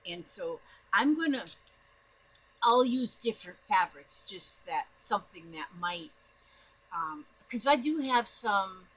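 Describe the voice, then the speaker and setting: Woman vlogger from northern Minnesota, bright husky voice, rambling excitable home chat. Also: medium pitch, slow pace, rough recording. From northern Minnesota, USA. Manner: excitable, rambling, full of restarts. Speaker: doll-making vlogger. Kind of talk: casual rambling chat to camera. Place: home in Florida.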